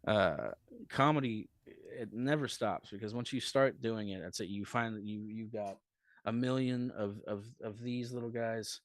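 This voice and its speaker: Male comedian guest, low register, loose and foul-mouthed storyteller, dry close sound. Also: unhurried, no echo. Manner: profane, rambling storyteller. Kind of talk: casual podcast chat.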